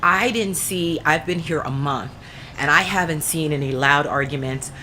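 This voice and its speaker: A woman's voice: low voice, normal speed, bright, forceful tone, slight background noise. A woman from the United States giving earnest travel tips in a vlog, repeating lines for emphasis. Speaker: travel vlogger.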